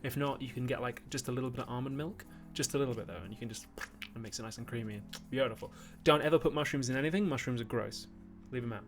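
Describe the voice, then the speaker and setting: Talking fast with hardly any pauses, this medium-pitched man from Newcastle, in northern England, speaks with a Geordie accent over faint background music. As a YouTube host on a livestream, he chats casually and reads viewer super chats. He rambles, leans on fillers, and now and then erupts in mock outrage.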